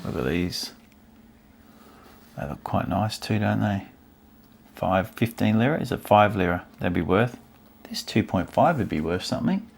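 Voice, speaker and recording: A man's voice: low-pitched, animated, measured pace, creaky, pauses often, a little hiss or hum. A man hosting a stamp collecting channel, chatting casually and musing aloud as he pages through an old album, easily delighted by what he finds. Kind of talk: casual chat while browsing an album.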